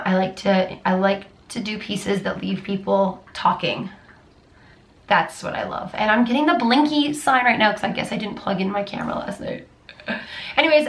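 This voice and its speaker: A woman's voice: fairly high pitch, fairly bright tone. A dance teacher and choreographer in a casual Q&A vlog, chatting in a rambling way and restarting her sentences often. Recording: echoey room.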